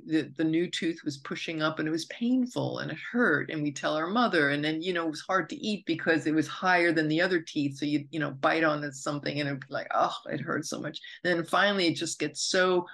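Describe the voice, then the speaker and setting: Gravelly-voiced woman astrologer musing aloud. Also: deep voice, fairly quick, a bit bright. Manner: meandering, reflective, with self-corrections and asides. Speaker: astrologer hosting a podcast. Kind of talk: unscripted spoken monologue.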